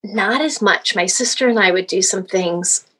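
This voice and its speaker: A woman's voice: mid-range voice, moderate pace, fairly bright tone, breathy edge. A woman being interviewed as a guest, chatting casually and reminiscing at length with plenty of fillers.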